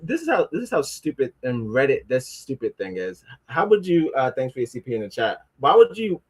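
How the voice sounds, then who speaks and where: Male streamer, casual live commentary, mid-pitched voice, rambling delivery that trips over words, sarcastic asides. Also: sing-song, brisk, slightly rough. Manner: rambling, stumbling over words while reading aloud. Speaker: livestreamer.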